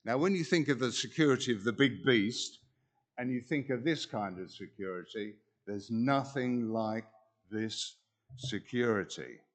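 A man preaching a sermon in an earnest, measured way, pausing deliberately between phrases. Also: mid-range voice.

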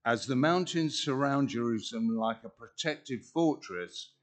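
A man preaching a sermon in an earnest, measured way, pausing deliberately between phrases. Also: mid-range voice, lively intonation.

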